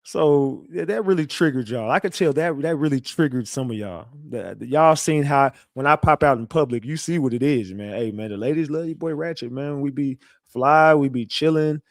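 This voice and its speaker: A man's voice: mid-range voice, normal speed, vocal fry, dry recording, studio quality. A man ranting casually on a livestream. He is defensive and boastful, swears a lot and talks straight to his chat with many restarts. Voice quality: profane, animated, repetitive restarts. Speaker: livestream commentator.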